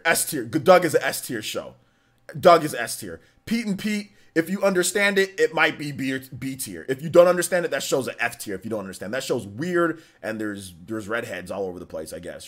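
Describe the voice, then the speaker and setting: A man hosting a casual live stream, telling stories with animated energy and breaking into shouts when excited. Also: medium pitch. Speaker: livestream host.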